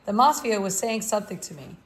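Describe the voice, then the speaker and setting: A woman reading a novel aloud in the first person, measured and reflective. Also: mid-range voice, animated, slight background noise. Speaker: audiobook reader.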